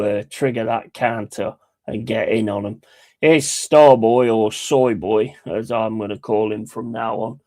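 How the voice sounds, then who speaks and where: A man hosting a football watch-along, calling play-by-play in a blunt, excitable and heavily sweary way. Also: medium pitch. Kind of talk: live match commentary.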